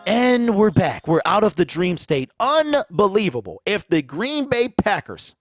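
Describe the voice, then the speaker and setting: A man's voice: high-pitched, big pitch swings, a little slow, soft background music. A man hosting a sports talk show with a Michigan accent, ranting in casual commentary, preachy and repeating phrases for emphasis, on a close mic that pops. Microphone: close mic, pops on plosives.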